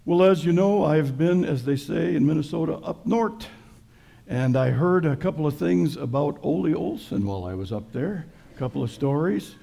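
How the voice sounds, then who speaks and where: A middle-aged male pastor delivers a sermon in a relaxed, folksy, storytelling way. His voice is gravelly and husky, with a dark, mellow timbre. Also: fairly high pitch, normal speed. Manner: folksy, conversational storytelling with jokes.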